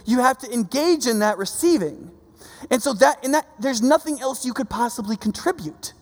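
Male preacher, conversational sermon, animated storytelling, long reverb. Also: very high voice, moderate pace. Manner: conversational, asks "right?" often; animated storytelling with voiced quotes.

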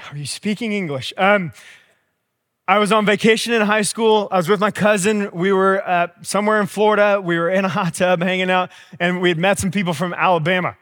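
A young adult man preaching a sermon in a conversational, storytelling way with animated asides. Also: fairly high pitch. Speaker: pastor. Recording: long hall reverb.

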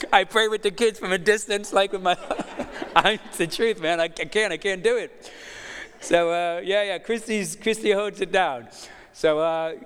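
A man's voice: sits high, clear, resonant tone. A middle-aged man preaching a sermon as pastor, emphatic and repeating words as he builds up. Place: church hall. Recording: long hall reverb.

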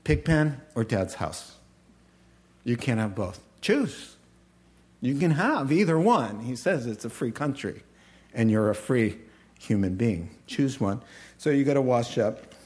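Slow folksy preacher man. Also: medium pitch, animated, darkish tone. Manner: folksy, humorous, chuckling. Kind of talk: sermon.

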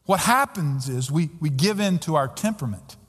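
A man's voice: a little high, animated, normal speed, fairly bright tone, husky. A pastor preaching a sermon earnestly and emphatically, often repeating his words as he goes. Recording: long hall reverb.

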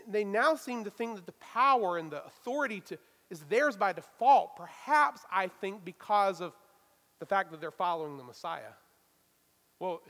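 A man preaching a sermon, swinging between loud emphatic stresses and hushed asides. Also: sits high, gravelly, big-room sound. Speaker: pastor.

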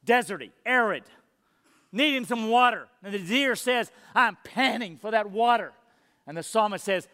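A man's voice: high voice, animated, moderate pace, bright, forceful tone, clear, resonant tone, long reverb tail. A man preaching a sermon to his church, earnest and emphatic, repeating phrases for weight. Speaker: pastor.

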